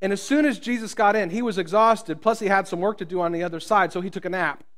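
A man preaching a sermon as pastor, swinging from loud, booming lines to quiet hushed ones and joking with the congregation. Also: fast. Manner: jokes with the congregation. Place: church.

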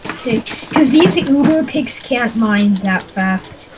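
High young gamer, noisy mic. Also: female voice, animated. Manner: halting, asks a lot. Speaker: gaming friend. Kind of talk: casual game chat.

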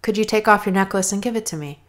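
A woman doing a soft-spoken patient mother. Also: medium pitch, quick pace, voice pushed up, lightly acted. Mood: gentle. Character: gentle patient mother asking softly.

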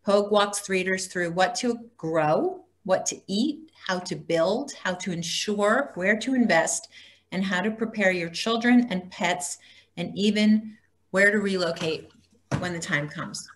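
A woman's voice: medium pitch, measured pace. A woman hosting a casual book talk for a small group, reading blurbs aloud with wry asides.

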